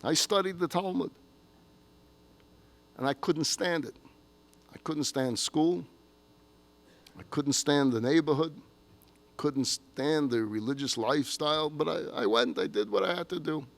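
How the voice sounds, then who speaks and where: A man voicing an elderly grandfather, a gruff former army man speaking heartfelt and confessional words. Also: fairly high pitch, a little slow, long pauses. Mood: tender confession.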